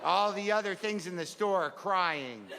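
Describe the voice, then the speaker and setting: A man's voice: sits high, lively intonation, measured pace. A man on a comedy stage voicing a small child earnestly reading a favorite picture book in a naive, sing-song way. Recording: reverberant live club with crowd noise. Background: audience laughter.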